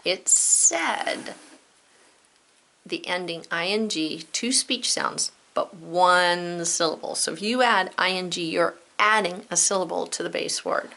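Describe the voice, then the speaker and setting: A woman teacher talks young pupils through a spelling worksheet in a playful, encouraging way, slowing down to sound out each letter. Her voice sits a little low but has a bright, forward tone. A gravelly fry runs through it. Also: slight background noise. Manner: upbeat, playful, encouraging, sounds words out slowly. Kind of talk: children's spelling lesson.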